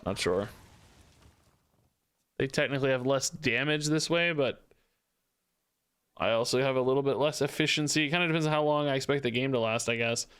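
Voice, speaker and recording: A man's voice: mid-range voice, brisk, long pauses, fairly bright tone, smooth. A young man streaming a card game, chatting to his viewers in a loose, self-mocking way and laughing often. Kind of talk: casual gameplay commentary.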